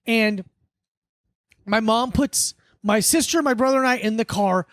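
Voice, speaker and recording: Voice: mid-range voice, measured pace, no room sound, clean studio sound. A podcast co-host from Florida, telling a childhood story in loose casual chat full of "like". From Hollywood, Florida, US. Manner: loose, rambling with many "like"s.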